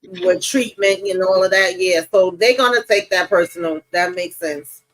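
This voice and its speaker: A woman's voice: fairly low pitch, moderate pace, no room sound, rough recording. A woman hosting a live show, chatting casually over a video call, laughing often as she gives her take. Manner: laughs often, relaxed slangy storytelling. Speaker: channel host. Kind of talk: casual chat.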